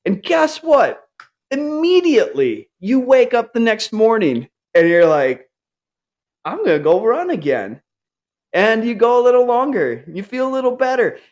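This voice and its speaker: Animated man telling a candid personal story. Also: unhurried. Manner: earnest, animated, acts out upbeat self-talk in a higher voice.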